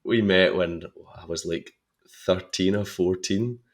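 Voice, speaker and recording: A man's voice: sits low, unhurried. A Scottish man in his twenties, a podcast guest chatting in a laid-back way and laughing often. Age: 20s. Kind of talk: casual chat.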